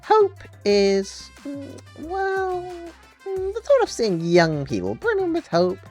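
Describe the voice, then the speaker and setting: A man voicing a sadistic bear mascot who delights in despair, in a high squeaky put-on voice while reading game dialogue on a livestream. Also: full character voice.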